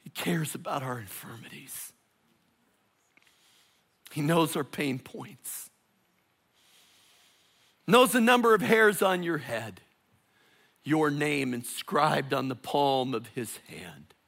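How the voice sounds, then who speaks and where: Slow, bright-toned preaching man, gravelly edge. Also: on the high side, expressive. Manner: dramatic preaching, swinging from hushed to loud. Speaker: pastor. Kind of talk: sermon.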